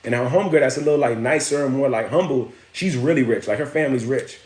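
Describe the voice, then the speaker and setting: A man's voice: medium pitch, fast talker, darkish tone. Slangy man livestreaming in a roomy echo. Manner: slangy, loose, greets viewers mid-story. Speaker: livestream host. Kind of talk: casual storytelling with viewer shout-outs.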